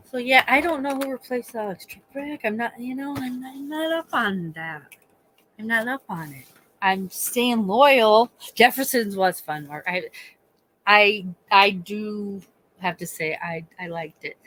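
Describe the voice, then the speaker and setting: A woman's voice: medium pitch, fairly bright tone, low-quality recording. A woman from Pennsylvania hosting a casual live stream, chatting with her viewers in a rambling way, swearing freely and often trailing off mid-thought. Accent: Northeastern Pennsylvania. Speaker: livestream host chatting with viewers.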